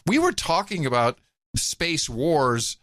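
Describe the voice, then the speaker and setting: A man hosting a podcast, chatting casually and reading listener notes aloud in an animated way. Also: a little high, takes it slowly, no echo, clean studio sound. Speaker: podcast host. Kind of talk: casual chat.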